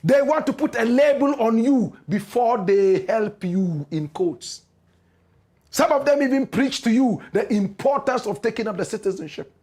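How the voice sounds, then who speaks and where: High-voiced, impassioned Ghanaian man preaching. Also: expressive, normal speed, a little mellow. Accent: Ghanaian English. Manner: impassioned, preachy, repetitive rhetorical cadence. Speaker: radio and online show host. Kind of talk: political commentary monologue.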